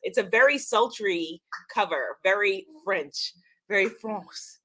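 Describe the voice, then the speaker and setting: A woman hosting a casual livestream, gushing excitedly and talking to her viewers. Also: mid-range voice, takes it slowly. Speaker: livestream host unboxing a tarot deck.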